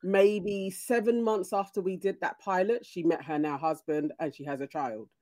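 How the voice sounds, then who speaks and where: A woman's voice: lowish voice, moderate pace, darkish tone. A woman co-hosting a podcast, giving emphatic, encouraging advice in casual chat. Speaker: podcast co-host.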